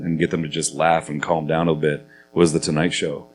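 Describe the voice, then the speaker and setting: A man with a notably deep, low-pitched voice speaks as the guest on a live convention panel. He is middle-aged and tells his stories in an animated, chatty way, with a faint hum running underneath. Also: quick pace, few pauses. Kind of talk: live panel interview, storytelling.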